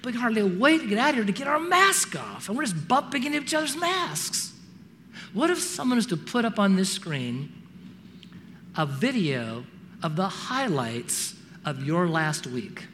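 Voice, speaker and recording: A man's voice: high voice, moderate pace, in a large hall, slight background noise. A man giving a sermon, telling stories and acting out the voices of people in them. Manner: animated, acts out voices in stories. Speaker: preacher. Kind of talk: sermon with storytelling.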